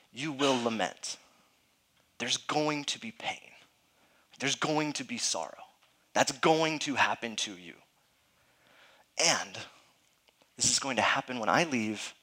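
A man's voice: mid-range voice, pushed and bright. A male pastor giving a conversational sermon, earnest and emphatic, often checking in with his listeners and talking informally. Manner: informal, frequent fillers and restarts.

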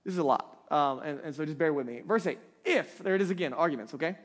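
A man in his thirties preaching a conversational sermon, animated and chatty, laughing lightly between points. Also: a little high, fast. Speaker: pastor.

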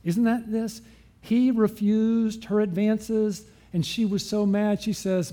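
A man preaching with a high, mellow voice. He keeps asking his listeners questions and then answers them himself, in a sermon style. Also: fairly even intonation, slow.

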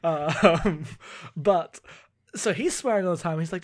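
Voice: medium pitch, measured pace. A podcast co-host recapping a book in casual chat, laughing often and sometimes losing the thread.

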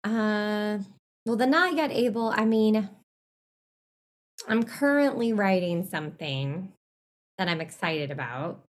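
A woman's voice: mid-range voice, slow pace, pauses often. A woman being interviewed in a casual chat. She rambles, trails off mid-thought and laughs often. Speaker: interview guest.

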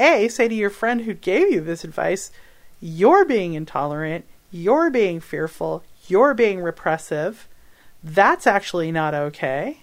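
A woman hosting an advice podcast, answering a listener's question in an animated, emphatic way, laughing and correcting herself as she goes. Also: lowish voice, takes it slowly.

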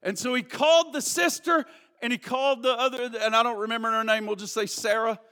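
A man preaching at a church service with a very high, bright and forceful voice. He swings from hushed prayer to loud, impassioned emphasis. He often repeats words and restarts as he builds toward his point. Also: steady tone, a little fast. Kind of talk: sermon with a prayer and a storytelling illustration.

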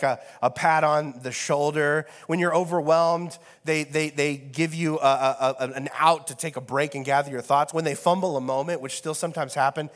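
Wry pastor, reverberant church hall. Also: male voice, fairly high pitch. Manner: casual and wry, with many fillers. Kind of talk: conversational sermon. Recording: long reverb of a large hall.

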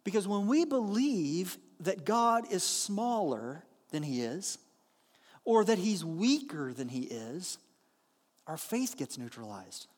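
A man with a notably high voice preaches from the pulpit, moving between lively storytelling and slow, weighty declarations. His words carry a long reverb, as though filling a large sanctuary. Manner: earnest, animated storytelling with slow emphatic lines. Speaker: pastor. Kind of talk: sermon.

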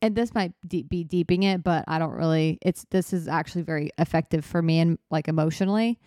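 A woman's voice: sits low, brisk, dark tone, no room sound, studio quality. A woman in her twenties hosting her own podcast, talking in a candid, rambling, self-reflective way. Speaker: podcast host. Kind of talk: casual solo podcast talk.

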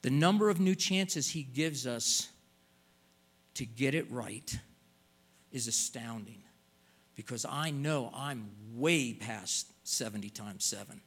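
Slow, earnest older male preacher. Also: mid-range voice, lively intonation, a bit bright, husky. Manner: earnest, pleading emphasis with drawn-out words. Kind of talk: sermon.

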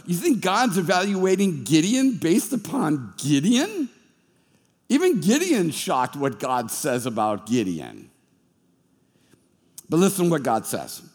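A male pastor preaching a sermon in an animated, jokey, conversational way, in a church hall being filmed. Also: fairly high pitch, husky. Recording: long hall reverb.

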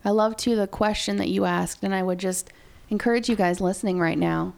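A woman's voice: medium pitch, steady tone, fairly quick, gravelly, darkish tone. A woman hosting a faith podcast, encouraging listeners directly in a casual conversational way. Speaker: podcast host.

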